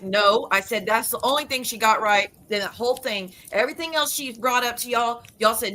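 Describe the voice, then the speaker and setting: A middle-aged woman vlogger delivers an angry, profane rant to her audience, her voice bright and forceful and pitched slightly high. She keeps breaking off and restarting her sentences as she pushes through. A faint background hiss sits under the recording. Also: animated. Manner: heated, profane, rapid restarts and self-interruptions. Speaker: YouTube creator. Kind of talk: ranting monologue to viewers.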